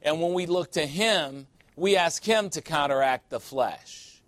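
A man's voice: a little high, measured pace, a bit bright, no echo. A man preaching a sermon in an emphatic, conversational way, with sudden playful asides.

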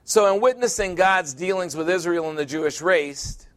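A man's voice: sits high, moderate pace, a bit bright, clean tone. A man preaching a sermon in an earnest way, asking the congregation "Amen?". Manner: earnest, call-and-response "Amen?".

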